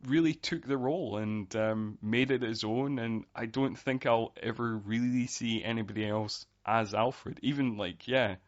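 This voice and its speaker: A man's voice: mid-range voice, moderate pace, hardly any pauses. A man who is a podcast guest, talking casually and rambling with many fillers. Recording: dull, lo-fi sound.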